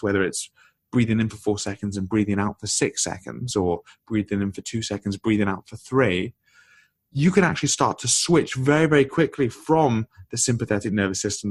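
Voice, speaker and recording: A man being interviewed as a guest author on a podcast, explaining ideas in an energetic, conversational way. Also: lowish voice, breathy edge, no echo.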